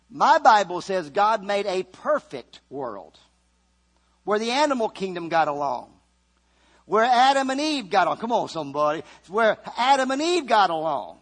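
High-voiced fervent male preacher. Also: big pitch swings, normal speed. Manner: fervent, swings from loud calls to quiet asides. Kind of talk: sermon.

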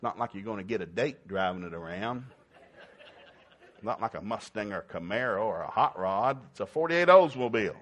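An older man preaching a folksy sermon, telling homespun stories with lively, emphatic bursts. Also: lowish voice, normal speed.

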